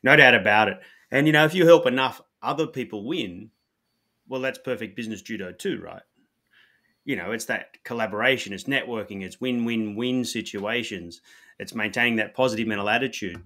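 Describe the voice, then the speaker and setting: A man's voice: fairly low pitch, fairly quick, bright, forceful tone. A man hosting a casual interview, explaining his ideas in an assured way. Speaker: host.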